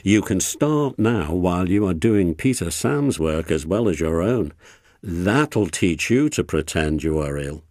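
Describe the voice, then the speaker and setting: A man's voice: low voice, animated, unhurried, a little mellow, dry recording, studio quality. A man voicing a stern male railway boss who scolds sharply.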